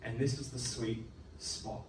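A man preaching a sermon in an animated, joking way, acting out the voices of the people in his story. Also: mid-range voice, a little slow, slight background noise. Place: church hall. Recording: echoey room, distant mic, music behind.

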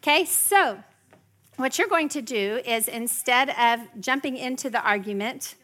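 Woman in her forties, workshop speaker, bright and a bit high, animated teaching style. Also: measured pace. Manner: animated, acts out kids' whiny voices. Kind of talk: live parenting workshop talk. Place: workshop room with a live audience.

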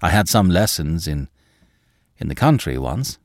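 A quick-witted young man, once a lawyer, pleads his case earnestly and with self-assurance, as a male reader puts him on. The voice is low and deep, with lively pitch movement, in a dry, close recording. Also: no room sound, full character voice.

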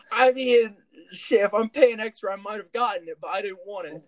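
A man telling a funny story in a casual comedy podcast, animated, swearing and laughing as he goes. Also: high-pitched, moderate pace, no echo, low-quality recording.

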